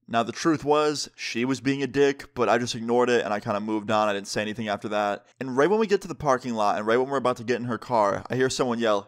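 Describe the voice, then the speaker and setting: A young man recounts a personal story for his vlog in a casual, slangy way. His delivery is animated and emphatic as he leans into the dramatic moments. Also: mid-range voice, quick pace, hardly any pauses. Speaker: vlogger telling a story.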